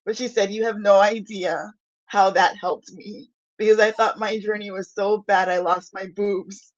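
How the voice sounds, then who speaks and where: A woman's voice: medium pitch, fairly even intonation, measured pace, dry recording, lo-fi sound. A middle-aged woman co-hosting a podcast, speaking earnestly as she closes out the show with a personal story. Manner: earnest, laughing through tears as she tells her story. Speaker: podcast co-host. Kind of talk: heartfelt personal closing remarks.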